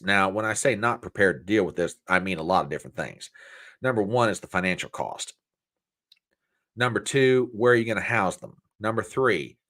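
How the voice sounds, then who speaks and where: A man hosts a political talk show in a folksy, indignant rant. His voice sits a little low yet swings widely in pitch. He jumps between asides and exclamations. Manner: animated, folksy, indignant ranting. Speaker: host.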